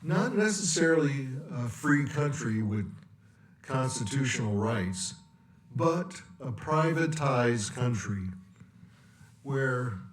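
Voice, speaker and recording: Unhurried male commentator, sarcastic and rambling, recorded in an echoey room. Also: mid-range voice, lively intonation, recorded from a distance. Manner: rambling, sarcastic, with long pauses. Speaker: political commentator. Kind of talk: political rant vlog. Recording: echoey room, away from mic.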